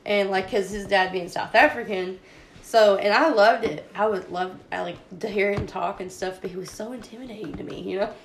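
Southern-accented woman guest, talkative, mid pitch, echoey. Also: steady tone, fairly quick. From Southern United States. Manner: loud and talkative. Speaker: pastor's wife, podcast guest. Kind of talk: casual interview chat. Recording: echoey room with faint noise.

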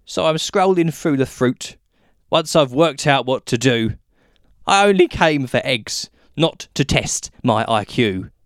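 A man's voice: mid-range voice, lively intonation, measured pace, dry recording, studio quality. A British man hosting a podcast and reading his own comic rhyming poem in a wry, self-mocking way. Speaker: podcast host.

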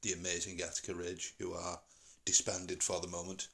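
A man from hosting a casual chat, rambling and halting with many fillers. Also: low-pitched, completely flat delivery, gravelly, fairly bright tone. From St Helens, England. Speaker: podcast host.

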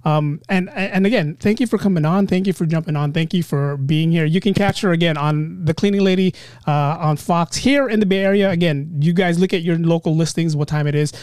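Guy hosting a podcast, kinda high voice, dry sound, gushing thank yous on a call. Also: fairly quick, darkish tone, smooth, no room sound. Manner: effusive, repetitive thank-yous, many restarts. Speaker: podcast host. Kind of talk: casual interview wrap-up.

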